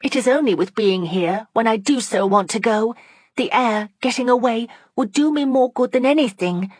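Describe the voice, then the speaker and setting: A woman's voice: normal speed, no room sound, close to an everyday voice. A woman reading an audiobook, voicing an injured young woman who speaks faintly but insists firmly. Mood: pleading. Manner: low, faint yet insistent. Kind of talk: audiobook character voice.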